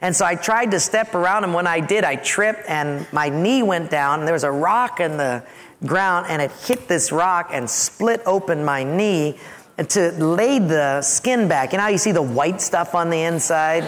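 A man preaching a storytelling sermon as a pastor, animated, acting out his own yelps and asides. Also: fairly high pitch, moderate pace, in a large hall.

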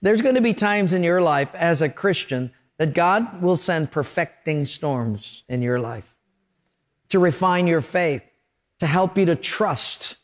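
Preaching a sermon in a slightly high, animated voice, this pastor takes his time. He works through stories and performs the voices and sounds within them.

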